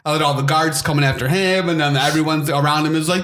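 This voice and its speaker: A man's voice: fairly high pitch, steady tone, fast, a bit bright, a little hiss or hum. A man co-hosting a casual movie review podcast, rambling through scenes and acting out lines in funny voices. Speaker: podcast co-host.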